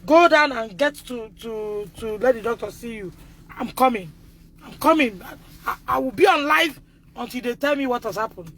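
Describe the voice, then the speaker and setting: This is a middle-aged woman with a Nigerian accent, speaking urgently on a live stream as a mother. Her voice sits high and sounds tight and sharp. She often repeats words as she talks. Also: animated, moderate pace, a little hiss or hum. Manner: urgent, agitated, repeats herself. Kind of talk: emotional live-stream recounting.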